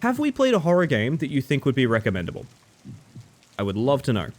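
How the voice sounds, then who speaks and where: An Australian man streaming a horror game, chatting with viewers in a playful, rambling, self-mocking way that swings between goofy and deadpan. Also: mid-range voice, fast talker, a little hiss or hum. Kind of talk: casual live-stream commentary.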